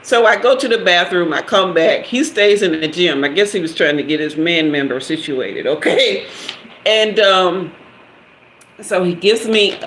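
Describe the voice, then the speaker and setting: A woman in her fifties telling a lively personal story to her live-stream viewers, laughing often and talking straight to them. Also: sits low. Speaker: host of a live tarot stream. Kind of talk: casual storytelling to a live chat. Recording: echoey room with faint background hiss.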